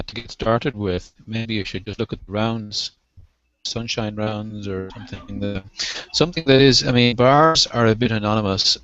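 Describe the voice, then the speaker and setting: A man on a panel in a casual online hangout, giving measured, articulate advice to a newcomer. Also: on the low side. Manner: measured, articulate, gently advising. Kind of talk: casual live hangout chat. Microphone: video call. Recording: dry, dull lo-fi call audio.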